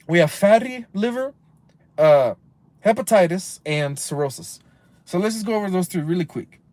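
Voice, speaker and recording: A man's voice: sits high, darkish tone, no room sound. A man of about thirty, ranting casually on a live stream from inside a car, heated and profane, rambling and mixing in Spanish slang. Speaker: livestream host.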